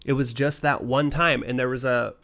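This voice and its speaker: A man's voice: medium pitch, steady tone, moderate pace, fairly bright tone. Profane man telling a rambling story. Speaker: podcast co-host. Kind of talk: casual podcast chat.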